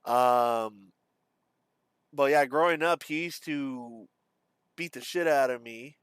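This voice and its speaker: A man speaks haltingly in a subdued, confessional way, often pausing and trailing off. His voice is smooth and clean, recorded close and dry with no room sound. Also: medium pitch, fairly bright tone, no echo. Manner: halting, hesitant, with many pauses and fillers. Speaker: vlogger. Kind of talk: candid personal storytelling.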